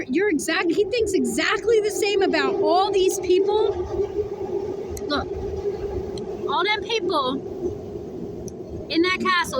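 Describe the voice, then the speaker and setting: Blunt, high-voiced woman reading tarot. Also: very noisy. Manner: blunt, profane, emphatic, chewing while talking. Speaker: tarot reader. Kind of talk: casual tarot reading vlog.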